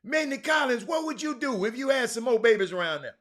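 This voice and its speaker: A man hosts a casual sports talk livestream. His bright, sharp voice sits high for a man. He talks in animated bursts, repeats names and restarts his sentences. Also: fairly quick. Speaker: sports talk show host. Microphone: streaming mic.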